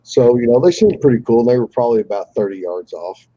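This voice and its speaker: Animated, swearing man on a muffled call. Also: mid-range voice, fast talker, breathy edge, dry recording. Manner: animated, swears freely, acts out quoted voices. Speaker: caller telling a fishing story. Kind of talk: casual storytelling on a live call.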